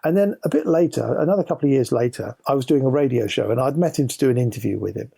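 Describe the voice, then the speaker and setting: An English man tells long stories about his music in a relaxed interview, talking fast. His voice is dark and mellow, with some fry and a husky edge. He gets lively whenever he quotes someone else. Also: medium pitch. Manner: chatty, animated when quoting others. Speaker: musician guest. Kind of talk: casual interview storytelling.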